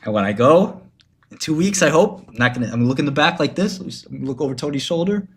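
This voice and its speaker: A man's voice: on the high side, animated, fast talker. A man chatting casually on a livestream, profane and rambling, telling stories with mock menace. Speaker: streamer.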